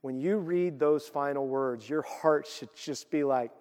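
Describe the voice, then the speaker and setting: Male pastor telling a story in a sermon, gets loud then goes quiet, highish voice, big echo. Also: measured pace. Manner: storytelling, swings from loud excitement to hushed emotion.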